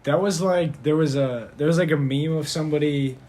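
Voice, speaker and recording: A man's voice: fairly high pitch, fairly quick, dark tone. A teenage boy guesting on a casual podcast, telling rambling stories and swearing. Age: teens. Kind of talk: casual chat.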